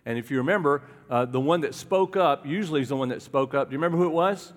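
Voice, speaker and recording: A man's voice: on the high side, quick pace. Man preaching a sermon in a reverberant hall. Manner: conversational preaching, asks the congregation questions. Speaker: pastor. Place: church hall with a congregation.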